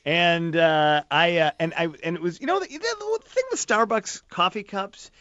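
A man's voice: high voice, lively intonation, normal speed, sharp tone, lo-fi sound. A man casually telling a self-mocking story on a talk show, rambling with many restarts.

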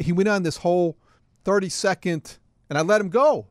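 Man, middle-aged, lively storyteller, slightly high voice, dry close sound. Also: normal speed, no echo. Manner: animated storyteller, acts out phone calls. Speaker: co-host. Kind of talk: casual chat, storytelling.

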